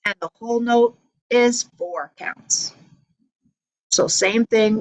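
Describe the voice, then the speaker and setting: A woman's voice: fairly high pitch, slow pace, low-quality recording. A woman teaching an online music theory class, patiently counting and clapping rhythms aloud for her students.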